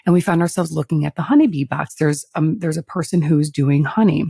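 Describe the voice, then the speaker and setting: A woman's voice: sits low, fairly quick, creaky, mellow, slightly rough, no echo, studio quality. A woman co-hosting a podcast, talking candidly and emotionally about her own life, swearing freely, at times tearful. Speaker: podcast co-host. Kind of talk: casual chat.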